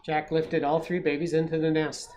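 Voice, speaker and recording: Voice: medium pitch, level tone, normal speed, highs cut off, noisy background. A storytime reader, reading a picture book aloud to children with playful asides. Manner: playful, with asides to young listeners.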